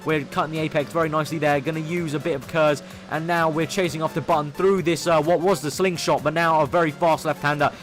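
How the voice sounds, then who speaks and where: A young man narrates his racing game lap by lap in an eager commentator's flow, his voice sitting a little higher than most men's. He gets excitable when a move comes off, and faint music runs underneath. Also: fast talker, hardly any pauses. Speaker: gaming commentator.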